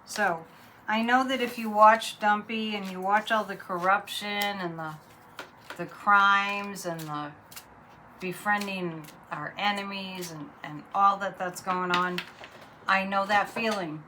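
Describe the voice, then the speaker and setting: A woman's voice: mid-range voice, steady tone, measured pace, bright, forceful tone, slight background noise, poor audio. A woman reading tarot cards in a casual, blunt, chatty monologue. Her voice rises sharply when she is incredulous. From Massachusetts. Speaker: psychic reader.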